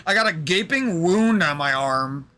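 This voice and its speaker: A man's voice: a little high, lively intonation, measured pace, pushed and bright, soft background music. A young man streaming, venting in a rambling, aggrieved monologue full of swearing.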